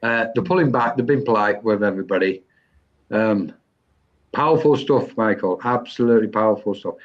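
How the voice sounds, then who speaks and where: A man hosting a live online session and giving a psychic mediumship reading, pausing often and restarting as he searches for words. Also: on the low side, animated. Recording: dull lo-fi online stream.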